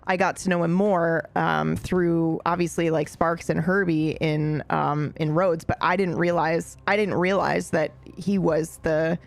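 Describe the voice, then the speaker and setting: A woman's voice: fairly low pitch, steady tone, unhurried, gravelly, few pauses. A woman in casual group chat, talking in a rambling, self-deprecating and fond way about roleplaying with a castmate. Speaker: roleplay streamer reflecting on a castmate.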